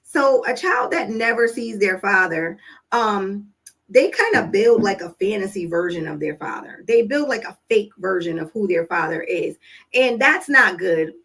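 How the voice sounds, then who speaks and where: Poor audio captures a woman's unhurried, expressive, medium-pitched voice, fairly bright and slightly rough. In a casual parenting vlog, she narrates stories, acts out quoted dialogue, and coaches earnestly while asking viewers direct questions.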